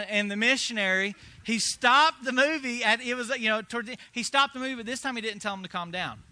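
Male pastor, high bright voice, lively sermon storyteller who drops quiet then builds loud. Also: fairly quick, hardly any pauses, clean tone, dry recording. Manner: animated, swings from hushed to loud.

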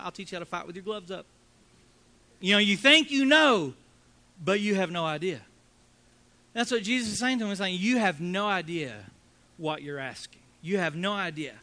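Preacher guy, high bright voice, chatty sermon, acts out the quotes, gets the crowd to repeat after him. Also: expressive, moderate pace, pauses often. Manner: conversational preaching, acts out quotes, calls for congregation response. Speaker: pastor.

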